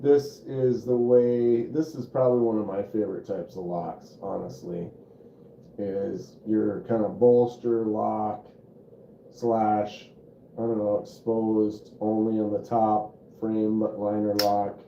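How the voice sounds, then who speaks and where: A man's voice: fairly low pitch, fairly even intonation, slow, creaky, mellow, a little hiss or hum. A man hosting a casual live stream about knives, rambling at an easy pace with lots of fillers, recorded on a phone microphone. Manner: rambling, laid-back, many fillers. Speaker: knife channel host. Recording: muffled, roomy phone audio.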